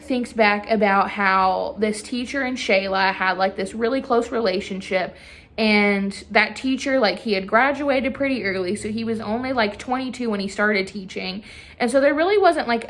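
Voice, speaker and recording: A young woman chatting casually as a book reviewer, filling her talk with constant "like"s. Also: fairly high pitch. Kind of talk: casual chat.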